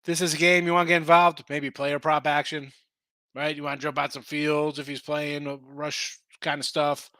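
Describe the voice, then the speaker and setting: Tired, bright-voiced man chatting betting lines. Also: fairly high pitch, flat delivery, moderate pace, no room sound. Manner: casual, rambling, talks to chat viewers. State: tired, losing his voice. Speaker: sports betting show host. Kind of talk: live-streamed betting picks chat.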